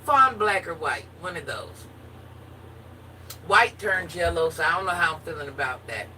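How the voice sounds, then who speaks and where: A woman's voice: on the low side, expressive, moderate pace, bright, forceful tone. A woman chatting casually with her viewers in a playful, joking manner. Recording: distant mic with faint background noise.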